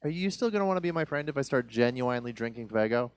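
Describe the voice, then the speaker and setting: A man hosting a comedy show, introducing the final act in a casual, halting way with many fillers. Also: mid-range voice, animated, clean tone. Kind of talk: introducing acts.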